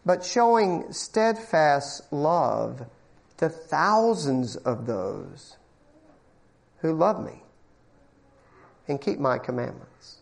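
A man preaching a sermon in church to a congregation. He asks the room questions, repeats words as he builds, and swings between loud bursts and low, quiet passages. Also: very slow, vocal fry, pauses often. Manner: animated, call-and-response questions, stammering repeats. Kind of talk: evangelical sermon.

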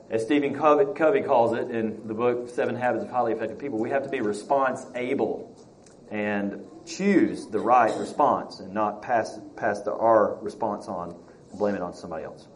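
A man's voice: mid-range voice, slight background noise, poor audio. A man teaching a Bible study class, reading passages aloud and asking the class questions. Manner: reads scripture aloud, acts out quotes, asks the class questions.

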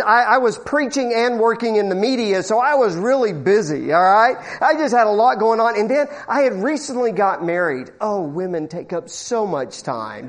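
Folksy middle-aged preacher man telling a story. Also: high-pitched. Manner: folksy storytelling with acted-out quotes and asides. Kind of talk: sermon.

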